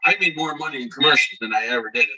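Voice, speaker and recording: A middle-aged man from Scranton, a guest telling animated stories about his days as an actor, acting out the lines of the people in them. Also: fairly high pitch, very fast, slightly rough. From Scranton, Pennsylvania, USA. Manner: animated storyteller who acts out shouted quotes. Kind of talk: casual interview storytelling. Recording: voice a bit far from the mic.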